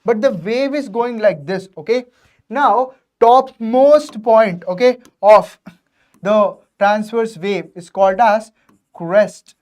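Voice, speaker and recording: A woman's voice: mid-range voice, takes it slowly, darkish tone. A woman teaching a science revision lecture, explaining step by step and checking in with her students after nearly every point. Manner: addresses students directly and checks understanding.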